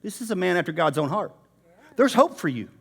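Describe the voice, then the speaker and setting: A man preaches a sermon in church, talking casually and directly to the congregation. His voice sits high and is very animated and brisk, with a creaky, breathy edge.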